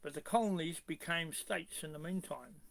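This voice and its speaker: A man's voice: on the high side, gravelly, low-quality recording. A man reading legal clauses aloud and arguing against them in a combative way, firing pointed rhetorical questions. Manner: reads clauses in a measured, halting way. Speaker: commentator rebutting a constitutional expert.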